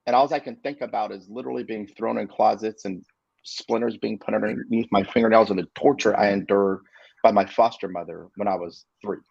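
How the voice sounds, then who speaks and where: A husky, gravelly man in his forties tells a personal story in an earnest, halting way, stopping and restarting often. His voice sits at an ordinary pitch. The sound is dry and a little muffled. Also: fairly even intonation, a little mellow, no echo. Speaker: inspirational speaker. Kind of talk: storytelling on a video call show.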